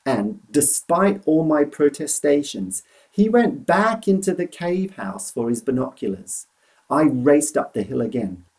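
A man's voice: a little high, unhurried, low-quality recording. Man reading a children's story aloud. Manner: expressive, animated read-aloud.

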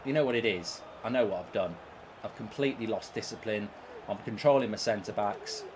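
A man's voice: on the low side, fairly quick, slight background noise. A man streaming a football game, ranting and swearing about his play and reading chat messages aloud. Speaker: gaming streamer. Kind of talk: live gameplay commentary reading chat.

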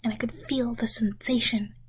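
A young woman telling an absurd comedic story in a deadpan, rambling, half-whispered way, with lots of swearing. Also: fairly high pitch, normal speed, husky. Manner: deadpan rambling, many swear words and 'freaking'. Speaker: content creator.

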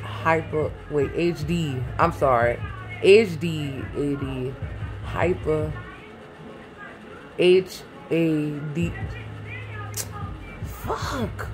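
Drawing out her words and leaving long pauses, a woman with a low-pitched, darkish voice chats to camera from her garage over faint music. Holding the phone close, she rambles, swears, gets sidetracked and calls her viewers "baby" and "y'all."

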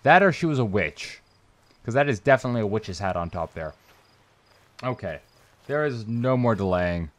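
A man's voice: lowish voice, animated, moderate pace, long pauses. A man hosting a let's play video, rambling and joking as he comments on a horror game. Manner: joking, rambling, mock voices for characters. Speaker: gaming channel host.

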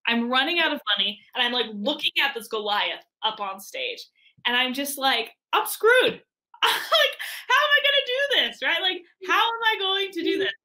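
Bright, animated young woman telling a story. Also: fairly high pitch. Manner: animated, many "like" fillers, acts out voices. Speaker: interview guest. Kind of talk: storytelling interview talk.

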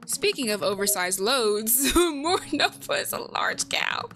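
A woman's voice: on the high side, sing-song, measured pace. A young woman giving casual let's play commentary, chatty and giggly, reacting aloud to the game.

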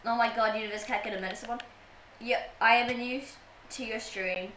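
Bright, high-voiced playful woman streamer. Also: steady tone, fairly quick. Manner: playful, teasing, laughs often. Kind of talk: casual gaming livestream chat. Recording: roomy room sound with faint noise.

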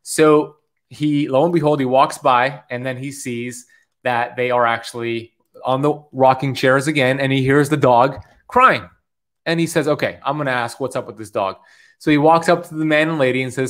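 Speaking at a normal speed in a mid-range voice, a man in his thirties gives a motivational talk to camera about the keto diet. He's upbeat and preachy, regularly checking in with "okay?".

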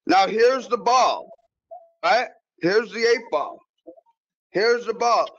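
A man telling a story in casual chat, animated and profane, with frequent repeated words and restarts. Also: sits high, slow pace, highs cut off. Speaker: guest pool player.

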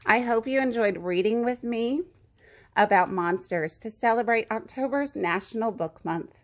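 A woman reading a children's picture book aloud, gently and expressively. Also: fairly high pitch, normal speed. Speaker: children's story reader.

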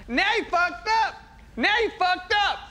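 A rowdy, foul-mouthed president heckling a play from his box in a comedy sketch. The voice is very high and piercingly bright as he taunts and repeats insults loudly. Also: animated, measured pace, full character voice. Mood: taunting. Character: crude heckling male president in theater box.

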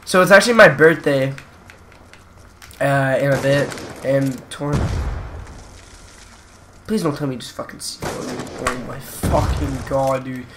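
A man's voice: mid-range voice, a little slow, pauses often, noisy background. A man giving casual gameplay commentary who rambles between topics and grows frustrated, swearing at the game. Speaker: gaming channel host.

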